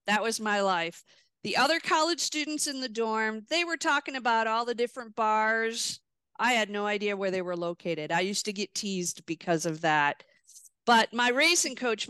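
Bright crisp woman, tells stories lively, acts out her reactions. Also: a little high, moderate pace, dry recording. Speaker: guest, retired wheelchair racer. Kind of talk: storytelling in a podcast interview.

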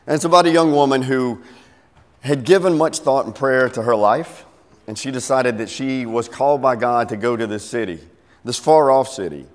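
A middle-aged man preaching a sermon, telling a story and acting out its voices with big swings. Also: on the low side. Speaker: pastor. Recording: long hall reverb.

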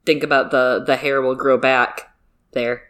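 A woman co-hosting a casual book-discussion podcast, animated and joking, swearing freely. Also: extremely low pitch, a little slow. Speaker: podcast co-host.

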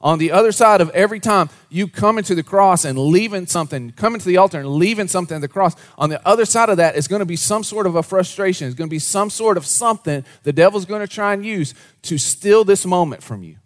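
A man preaching a sermon to a congregation, moving between hushed, low asides and animated, raised storytelling. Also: fast talker, hardly any pauses. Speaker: pastor.

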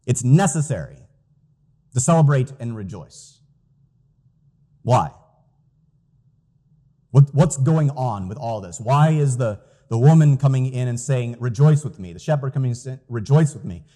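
A man's voice: mid-range voice, expressive, a little slow, long pauses, warm tone. A man preaching a sermon as pastor, earnest and emphatic, reading out scripture quotes.

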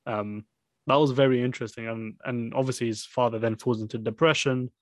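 A man's voice: medium pitch, steady tone, a little fast, no room sound. Chatty man with a dry close sound. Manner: rambling, many fillers and restarts. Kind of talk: casual film discussion.

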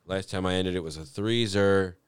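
A young man co-hosting a casual podcast, telling profane, laughing stories in lively chat. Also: deep voice, moderate pace, clean tone, no echo. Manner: profane, laughing, animated storytelling. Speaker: podcast co-host.

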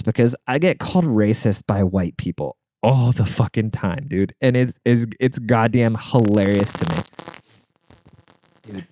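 A man's voice: medium pitch, a little mellow, no room sound, clean studio sound. A man hosting a show, telling a story in a casual, profane and exasperated way.

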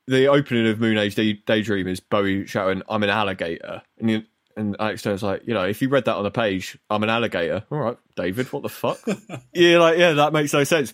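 A man hosting a casual podcast, animated and sweary as he tells stories. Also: lowish voice, dry recording, studio quality. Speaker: podcast host. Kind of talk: casual chat.

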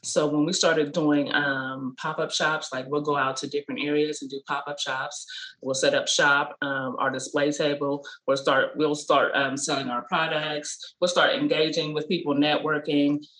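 A woman tells stories from her small business and her life as a mother, acting out quotes in a much higher voice. Her voice is bright and forceful, with an easy casual flow. The sound carries a roomy echo. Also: flat delivery, moderate pace. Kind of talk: casual interview storytelling.

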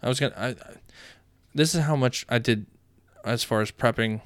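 A man's voice: medium pitch, moderate pace. A man co-hosting a podcast in loose, profane casual chat, rambling with restarts. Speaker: podcast co-host.

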